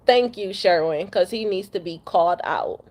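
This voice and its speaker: A young woman from Detroit who drives trucks speaks in a medium-pitched, darkish voice. Having just cried, she rants bluntly and emotionally to the camera, cussing and repeating herself.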